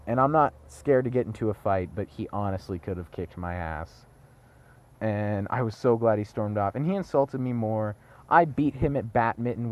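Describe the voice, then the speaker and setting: A man's voice: medium pitch, a little mellow, dull audio. Young man rambling through a storytime vlog. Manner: rambling, self-correcting, jokey asides. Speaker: vlogger.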